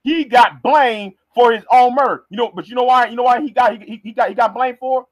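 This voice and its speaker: A man's voice: extremely high pitch, brisk, dry recording. A man ranting on a livestream, heated and stammering, repeating words as he goes. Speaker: vlogger.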